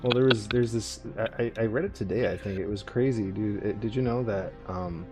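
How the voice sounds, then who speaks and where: A man's voice: fairly low pitch, brisk, over music. A man co-hosting a radio show, chatting casually and rambling with lots of fillers, restarts and swearing. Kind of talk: casual chat.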